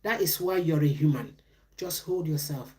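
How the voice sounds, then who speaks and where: A woman's voice: low-pitched, moderate pace, dark tone. A middle-aged woman, giving relationship advice on a live stream in a preachy way, asking questions and answering them herself.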